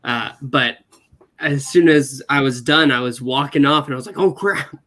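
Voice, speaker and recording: A man in a casual chat, telling a short story in a relaxed, hesitant way. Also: mid-range voice, moderate pace.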